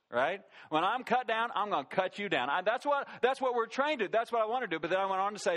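Male pastor, middle-aged, sermon, animated storyteller, high voice, swooping pitch. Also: fast, few pauses. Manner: animated storytelling, quotes people in character, laughs at his own stories.

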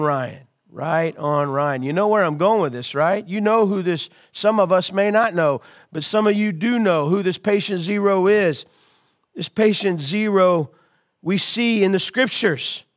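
A man preaching a sermon as pastor, calling out to his congregation and swelling louder on key lines. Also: high-pitched, normal speed. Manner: call-and-response preaching to an online congregation.

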